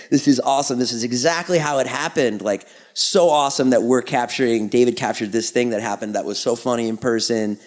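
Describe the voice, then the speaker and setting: A man co-hosting a podcast, telling a story in casual chat and acting out what other people said. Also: medium pitch. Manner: animated storyteller, acts out other people's lines. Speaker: podcast co-host.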